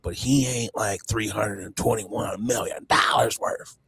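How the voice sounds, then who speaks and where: A man's voice: fairly low pitch, steady tone, a little slow, gravelly, fairly bright tone, slightly rough. A man co-hosting a casual podcast, joking and laughing often as he talks. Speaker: podcast co-host.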